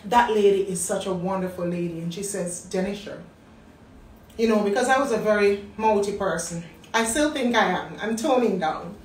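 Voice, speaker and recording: Woman, Jamaican accent, thirties, animated storytelling, echoey room, far from mic. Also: mid-range voice, brisk, few pauses, slight background noise. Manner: animated storyteller acting out quotes. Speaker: business talk host. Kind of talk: personal storytelling. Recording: roomy, distant mic.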